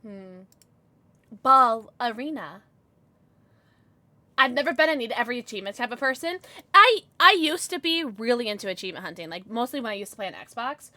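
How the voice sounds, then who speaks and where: Young female streamer, bright and lively, close dry mic, chatty and bubbly. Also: fairly high pitch, fairly quick, long pauses, no room sound. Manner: chatty, bubbly, squeals when reading chat. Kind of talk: casual live-stream chat.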